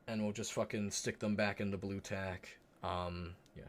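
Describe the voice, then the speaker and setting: Low-voiced casual streamer, swearing freely. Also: male voice, moderate pace, a little hiss or hum. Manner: relaxed, swears often, talks to chat while working; mutters softly while concentrating. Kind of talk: casual live-stream chat while painting miniatures.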